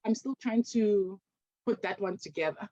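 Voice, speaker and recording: A woman's voice: medium pitch, moderate pace, warm tone, no echo. A woman, speaking as a podcast guest in an emphatic, passionate way. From South Africa. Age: 20s. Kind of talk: podcast conversation. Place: remote video call. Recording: dull, dry video-call audio.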